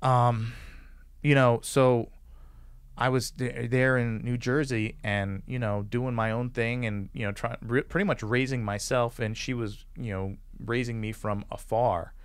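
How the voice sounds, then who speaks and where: A man's voice: mid-range voice, fairly even intonation, measured pace, clean tone, no room sound. A man in his forties, a podcast guest, telling rambling stories from his life, full of "like" fillers and acted-out quotes. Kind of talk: casual storytelling interview.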